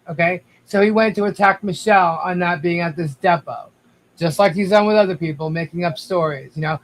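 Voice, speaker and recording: A man with a high voice tells his side at length, circling back with restarts and fillers. He keeps turning to speak to the viewers directly in a casual livestream chat. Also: fairly quick, poor audio. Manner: rambling, restarts, addresses viewers. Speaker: guest.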